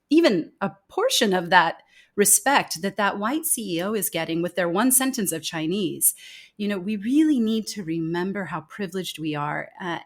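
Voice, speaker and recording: A woman speaking as a guest in a conversational podcast interview, talking with emphasis and growing animated when she quotes others. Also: medium pitch. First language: English.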